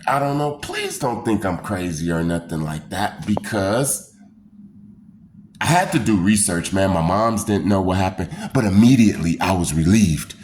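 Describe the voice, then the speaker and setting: A man with a lowish voice tells his own story in a slow, drawn-out way. He talks loosely and repeats himself. He breaks into the screams and voices he describes. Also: a little hiss or hum. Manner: animated, acts out screams and quoted voices; loose, repetitive spoken phrasing. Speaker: storyteller recounting a personal experience. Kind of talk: casual first-person storytelling.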